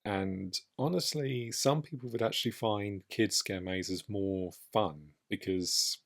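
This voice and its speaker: Man, low voice, solo podcast host, casual, enthusiastic, rambling. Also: slow pace, vocal fry.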